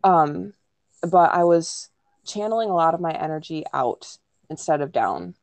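A woman's voice: low voice, expressive, a little slow, a little mellow, dry recording. A young woman casually telling a personal story in a chatty way, full of fillers, now and then acting out what people said. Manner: chatty, many "like" and "um" fillers, acts out quoted lines. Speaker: podcast co-host telling her birth story.

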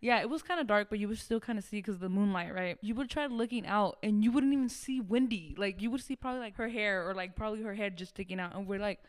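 A woman's voice: medium pitch, quick pace, hardly any pauses. A young woman in casual chat with friends, telling a story with lots of slang and swearing.

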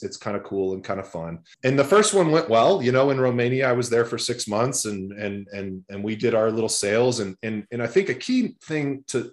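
A man in his forties from Texas, a guest telling long stories in a casual interview, with many restarts. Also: medium pitch. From Texas, USA. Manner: rambling, repeats words and restarts often.

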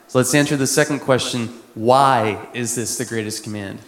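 A man from Texas, a missionary, preaching a sermon in a conversational way with quick asides. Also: medium pitch, a bit bright. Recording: echoey hall with long reverb.

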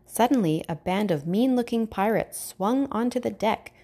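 A woman narrating a children's storybook aloud with clear, expressive reading. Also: medium pitch, moderate pace.

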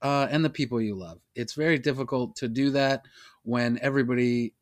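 A man co-hosts a comedy podcast, rambling and poking fun at himself. His voice sits at an ordinary middle pitch. It is recorded close and dry, with no room sound. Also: a little fast, dry recording. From United States. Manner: joking, self-mocking, rambling. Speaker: podcast co-host. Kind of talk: casual comedic podcast chat.

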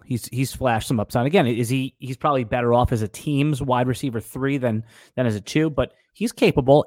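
A man co-hosting a casual fantasy football podcast, talking in an easygoing, halting way. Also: medium pitch, a little mellow, dry recording, studio quality. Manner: easygoing, hesitant, many fillers and restarts. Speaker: podcast co-host. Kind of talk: casual sports podcast debate.

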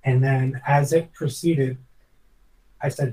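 Man, podcast guest, earnest, rambling storytelling, mid-pitched, somewhat distant from the mic. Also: steady tone, normal speed, pauses often, a little mellow. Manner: rambling, reflective, earnest, restarts often. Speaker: podcast guest, former chef. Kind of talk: personal storytelling in interview.

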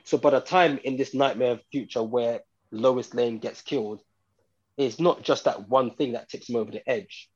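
Husky guy rambling on a podcast, loads of fillers, muffled sound. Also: mid-range voice, normal speed, darkish tone. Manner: rambling, repeats himself, many fillers. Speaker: podcast co-host. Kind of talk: casual film review chat.

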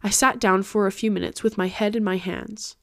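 A woman podcast host narrating a classic novel in a steady audiobook reading. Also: mid-range voice, a little fast, no room sound, studio quality.

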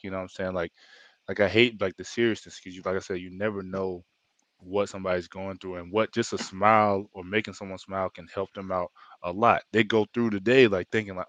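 A man with a low voice rambles through anecdotes on a casual podcast, his speech packed with filler words. The recording sounds dry and dull, as if the audio were muffled. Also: fairly even intonation, fairly quick, fairly bright tone, no echo. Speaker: podcast co-host. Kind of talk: casual chat.

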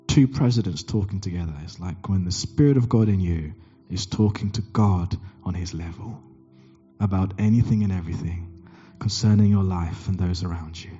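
A man preaching a sermon, telling a story and acting out the dialogue with big jumps in pitch. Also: lively intonation, moderate pace, warm tone, highs cut off, faint music behind. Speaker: pastor.

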